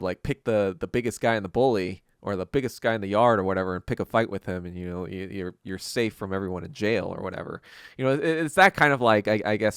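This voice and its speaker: A man delivers a long solo podcast monologue, drifting through fillers and restarts with the odd curse thrown in. His voice sits low and sounds smooth and resonant. The close mic keeps it dry, with no room around it. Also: a bit bright, no room sound. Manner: rambling, many fillers and restarts, casual swearing. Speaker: podcast host.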